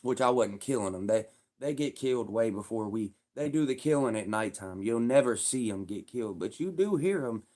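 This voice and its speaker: A man's voice: medium pitch, expressive, normal speed, darkish tone. A man telling stories on a livestream in blunt, profane, laid-back street talk. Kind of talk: casual storytelling on a livestream.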